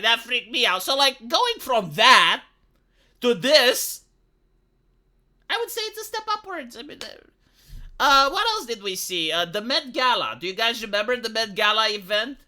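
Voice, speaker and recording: A man's voice: high-pitched, bright, forceful tone. A man hosting a livestream, commenting in a sarcastic, rambling, mocking way. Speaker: livestream host.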